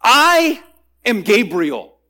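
A man's voice: high-pitched, sing-song, extremely slow, voice pushed up, exaggerated voice. A man voicing an emphatic, commanding archangel who declaims his words.

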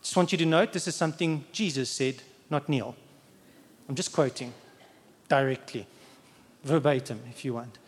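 A man's voice: mid-range voice, moderate pace, pauses often, slightly rough, in a large hall. A man preaching a Sunday sermon in a conversational way, acting out the quoted lines as he speaks.

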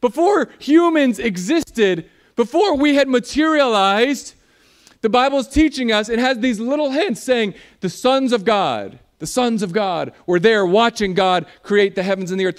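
A man preaching a sermon in a church, animated and jokey, acting out voices as he talks. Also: high voice. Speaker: pastor.

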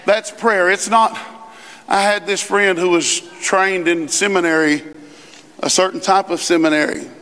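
A man preaching a sermon as pastor, in a conversational style with quick asides and rising emphasis. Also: sits high, steady tone, sharp tone. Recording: long reverb in a large hall.

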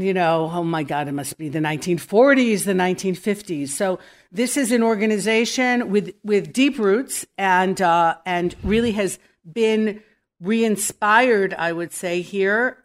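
A middle-aged woman hosting a podcast from her home, chatty and enthusiastic as she introduces her guest. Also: medium pitch. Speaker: podcast host.

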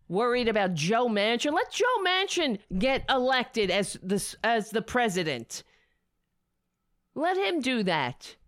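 A woman's voice: fairly high pitch, dry recording, studio quality. Angry, profane political ranter woman. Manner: angry, profane, sarcastic ranting; talks softly in a baby voice to her cat. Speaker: political commentator. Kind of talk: ranting political commentary.

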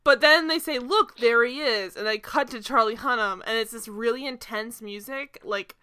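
A woman's voice: fairly high pitch, normal speed, clean tone. A woman co-hosting a casual podcast, recapping a TV episode with lots of laughing and swearing. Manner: laughing, profane, animated storytelling. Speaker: podcast co-host.

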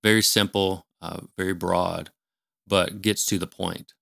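A man in a small studio room, giving a measured, explanatory talk on scripture in casual conversation, with fillers and restarts. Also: sits low, flat delivery, creaky, a bit bright, no echo. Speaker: ministry leader and guest.

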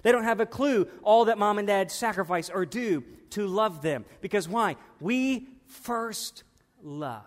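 A man in his thirties preaches a sermon in a church, his voice pitched high. He talks in a conversational, emphatic way and drives points home by repeating them. The sound carries the long reverb of a large hall. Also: moderate pace, few pauses.

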